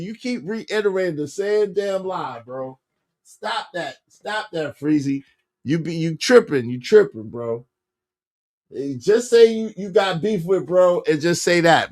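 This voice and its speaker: A man's voice: on the high side, dry recording, studio quality. A man hosting a casual livestream, reading viewer comments aloud and calling out guests and viewers by name. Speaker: show host.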